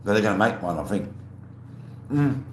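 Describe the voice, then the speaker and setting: An Australian livestream host with a fairly low voice and lively intonation talks at normal speed, eating while he greets viewers and answers their messages aloud. He's laid-back and rambling, and the audio has a roomy echo with a faint hum.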